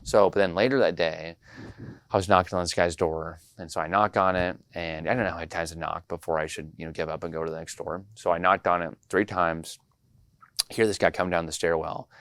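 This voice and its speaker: A man's voice: sits low, fairly even intonation, fairly quick, fairly bright tone, clean tone, dry recording. A young man in his twenties from Iowa, a state politician telling campaign stories in a rambling interview with many fillers. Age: 20s. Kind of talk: casual interview storytelling.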